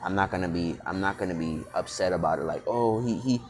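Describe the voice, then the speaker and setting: Low-voiced guy vlogging, blunt and cussing, stumbles and restarts a lot, music going behind. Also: fairly even intonation, fast. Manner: blunt, profane slang, frequent restarts and repeated words. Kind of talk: casual unscripted monologue.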